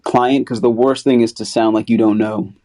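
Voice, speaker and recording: A man's voice: mid-range voice, fairly even intonation, normal speed, dark tone. A man hosting a casual group audio chat as a broker, talking in a laid-back, slangy way with lots of fillers. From Texas. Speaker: apartment locating broker and host.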